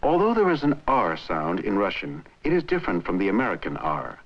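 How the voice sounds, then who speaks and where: A man giving measured, scripted narration for an old educational film on language. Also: lowish voice, huge pitch swings. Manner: measured, explanatory. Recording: dull lo-fi old film soundtrack.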